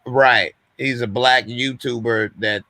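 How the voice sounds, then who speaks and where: A man's voice: mid-range voice, steady tone, slow, sharp tone. A man hosting a live call-in stream, talking in a loose, conversational way and going on at length. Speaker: host. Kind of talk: casual call-in chat.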